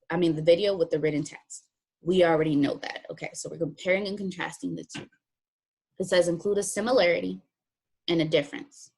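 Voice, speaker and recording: A woman teacher with a slightly husky voice explains a writing task one step at a time. Her voice sits a little low, and her delivery stays plain and practical as she reads out instructions. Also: darkish tone. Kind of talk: recorded classroom lesson walkthrough.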